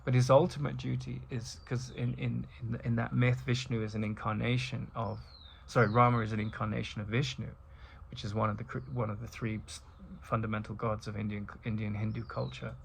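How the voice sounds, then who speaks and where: Gravelly middle-aged man musing aloud. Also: medium pitch, level tone, a little fast, slight background noise. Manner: rambling, with many restarts and asides. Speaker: spiritual talk host. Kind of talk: reflective monologue.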